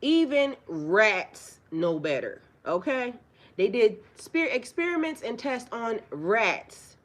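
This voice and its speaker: This woman's voice sits fairly high, with a sing-song lilt and a slow pace. A spiritual life coach chatting casually with livestream viewers, she preaches bluntly and profanely, hammering home points through repeated phrases and rhetorical questions.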